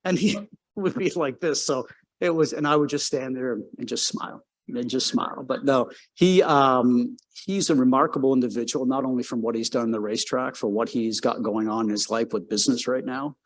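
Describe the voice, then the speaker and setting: A man's voice: mid-range voice, a little fast. Guest, male, 60s, from Canada. Ex-racer, casual storyteller who rambles, says "um" a lot and perks up at the punchlines. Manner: rambling, filler-heavy, lively when telling a story. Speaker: guest, former race car driver.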